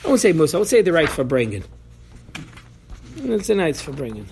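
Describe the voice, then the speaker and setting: A man's voice: fairly high pitch, wildly swooping pitch, brisk, gravelly, darkish tone, slight background noise. A man giving an informal Torah class, talking animatedly, acting out voices from the story, and often restarting his sentences. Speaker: Torah teacher.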